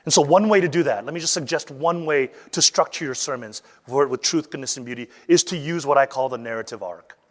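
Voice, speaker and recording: A man teaching how to deliver a sermon, lively and acting out the voices he quotes. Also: mid-range voice, fairly quick, hardly any pauses, long reverb tail. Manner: animated, acts out quoted voices. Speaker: preaching instructor.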